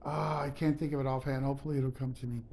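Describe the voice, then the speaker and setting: A man's voice: medium pitch, flat delivery, fast talker, gravelly, a little mellow, a little hiss or hum. A man talking straight to his viewers in an emphatic, preachy motivational monologue, often calling them guys. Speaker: motivational speaker.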